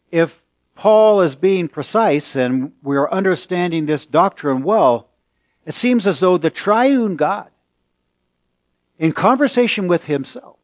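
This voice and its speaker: A male pastor preaching a sermon, slow and deliberate, with pauses and rising emphasis. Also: high-pitched, no room sound.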